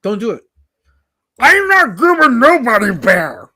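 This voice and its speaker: A man's voice: very high-pitched, wildly swooping pitch, pushed and bright. A man hosting a livestream in casual banter, ranting in mock outrage and answering the chat. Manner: indignant, mock-outraged rants; fast, restless, talks back to chat. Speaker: livestream host.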